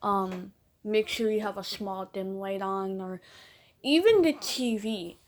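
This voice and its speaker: A woman's voice: mid-range voice, slow pace. Chatty young woman telling a story. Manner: chatty, rambling, emphatic with frequent fillers. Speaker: bird owner vlogger. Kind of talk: casual storytelling vlog.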